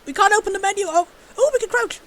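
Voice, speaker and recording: A woman streaming a game, gushing with excitement and commenting on everything she sees. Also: very high voice, fast talker, a little hiss or hum, low-quality recording. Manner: bubbly, gushing, easily excited. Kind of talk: live gameplay commentary.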